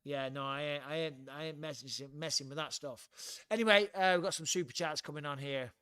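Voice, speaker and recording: A middle-aged man with an English accent talks loosely through a livestream from his home, blunt and quick to swear. His voice sits a little high for a man. The sound is dry and close, with no room around it. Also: pushed and bright, smooth, no echo. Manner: chatty, blunt, swears freely. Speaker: livestream host. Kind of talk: casual livestream chat.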